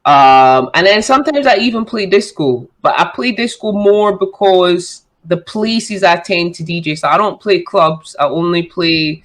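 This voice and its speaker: A woman's voice: on the low side, unhurried, hardly any pauses, poor audio. A woman chatting as a radio show guest, talking in a loose, filler-heavy way. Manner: chatty, lots of fillers and likes. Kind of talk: casual radio chat.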